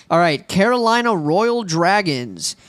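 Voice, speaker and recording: A man with a fairly high voice chats loosely on a podcast, cracking jokes and dropping curse words as he goes. The sound is dry and close to the mic, with no room around it. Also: big pitch swings, takes it slowly, fairly bright tone, dry recording. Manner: joking, swears often. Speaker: podcast co-host. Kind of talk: casual podcast chat. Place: home studio in Florida.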